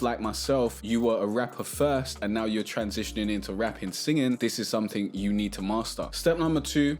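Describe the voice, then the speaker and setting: A man with a mid-range voice hosts a casual music tutorial, talking to camera in a relaxed, chatty way. Now and then he sings short snippets of melody.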